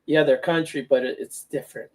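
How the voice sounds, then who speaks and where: A man's voice: a little high, steady tone, a little fast. A man hosting a casual chat, loose and laid-back, swearing casually. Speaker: podcast host.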